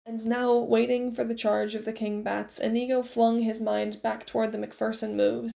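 Woman reading a book out loud, expressive, bit high and gravelly. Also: normal speed, poor audio. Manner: expressive storytelling. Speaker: reader. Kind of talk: reading a novel aloud.

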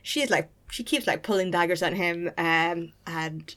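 Woman, co-host, chatty book talk, slightly low voice, lots of fillers. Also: normal speed, a bit bright. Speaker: podcast co-host. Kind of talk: casual book discussion.

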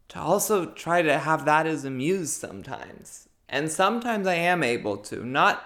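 A woman's voice: sits low, fairly bright tone. A woman author talking about her writing and then reading her own prose aloud, thoughtful and searching for words.

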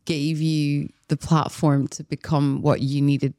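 A man's voice: on the high side, flat delivery, slow pace, a little mellow, dry recording. Reflective man hosting a podcast. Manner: reflective, searching for words. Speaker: podcast host. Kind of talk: casual interview.

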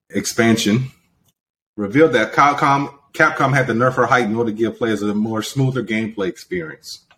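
A young man hosts a podcast, running through entertainment news in a casual, teasing but level-headed manner. His voice sits lowish with a slightly bright quality.

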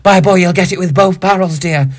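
Man impersonating a prim older lady, polite but menacing, raised pitch. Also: brisk, close to an everyday voice. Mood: threatening. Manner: genteel yet menacing, repeats "dear". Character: fierce older woman, prim and threatening.

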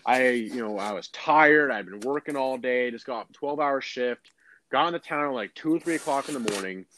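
A man co-hosting a podcast, telling a story in casual chat with lots of restarts and animated asides. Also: medium pitch, brisk, no room sound, rough recording. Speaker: podcast co-host.

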